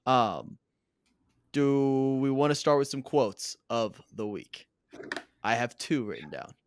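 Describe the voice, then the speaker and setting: A man's voice: mid-range voice, big pitch swings, slow pace, clear, resonant tone, no echo, clean studio sound. A man in his twenties co-hosting a casual recap podcast, chatty and laughing often. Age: 20s. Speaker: podcast co-host.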